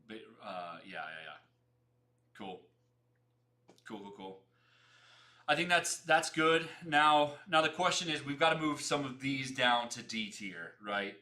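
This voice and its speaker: Bright fast-talking streamer guy. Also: mid-range voice, animated. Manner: talks fast, repeats phrases, chats with viewers. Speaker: livestream host. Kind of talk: casual livestream chat.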